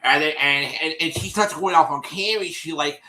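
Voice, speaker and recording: A man's voice: fairly high pitch, normal speed, sharp tone, roomy sound, poor audio. A man hosting a live stream, casually recapping a show in a rambling way, with many restarts and fillers. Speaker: host.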